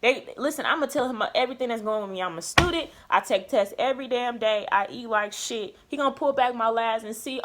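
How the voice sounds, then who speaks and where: Young woman, nursing student vlog, frank, swears freely, animated storytelling. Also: fairly high pitch, fairly quick, hardly any pauses. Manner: candid, profane, animated retelling. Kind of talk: casual storytelling chat.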